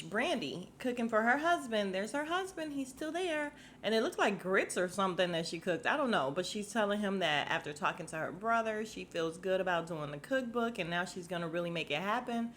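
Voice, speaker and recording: A woman's voice: medium pitch, a bit bright. Woman, podcast host, casual and sassy, laughs a lot, home mic, faint background noise. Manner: chatty, sassy, laughs often, talks to listeners as y'all. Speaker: podcast host recapping a reality show. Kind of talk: casual chat.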